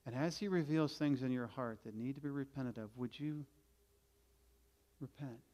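A middle-aged pastor preaches a sermon with earnest feeling, his medium-pitched voice moving at normal speed. He swings between loud urging and quiet, confessional passages.

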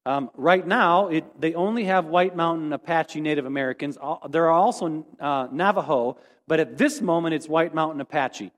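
A man's voice: a little high, normal speed, hardly any pauses. A man as pastor, giving a casual, rambling, self-deprecating sermon report. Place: church sanctuary. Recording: long hall reverb.

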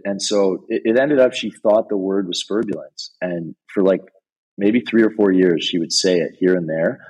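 A man's voice: sits low, a little mellow, slightly rough, rough recording. A man guesting on a podcast, telling long rambling stories in a laid-back way with lots of "like"s. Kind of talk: casual storytelling.

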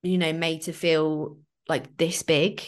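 A woman's voice: sits low, little pitch movement, takes it slowly. A woman hosting a podcast, telling a personal story in a chatty way with lots of fillers. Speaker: podcast host. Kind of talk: casual chat.

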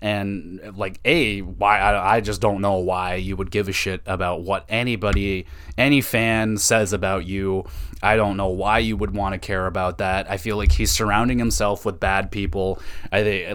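A young man rants on his hockey podcast, swearing and mocking in a frustrated tone. His voice sits a little low. He talks in loose, casual bursts. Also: steady tone, normal speed, fairly bright tone. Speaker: podcast host. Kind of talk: ranting hockey podcast commentary.

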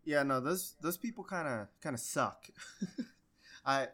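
Easygoing man, bright voice. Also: mid-range voice, lively intonation, a little slow. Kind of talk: casual chat.

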